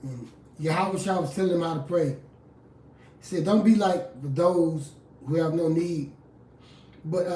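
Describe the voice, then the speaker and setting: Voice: a little slow, pauses often. Fiery preacher, echoey and distant. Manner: fiery and confrontational, swinging from low scripture reading to loud outbursts. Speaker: street preacher and rap artist. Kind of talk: impassioned live preaching on scripture. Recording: roomy echo from a distant mic.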